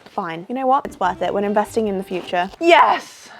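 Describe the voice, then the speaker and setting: A woman's voice: mid-range voice, quick pace, a little hiss or hum. A young British woman in her twenties, chatting to camera in a casual vlog, tired from little sleep, chatty and self-mocking. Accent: British English. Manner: chatty, self-mocking, jumps between topics. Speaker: vlogger.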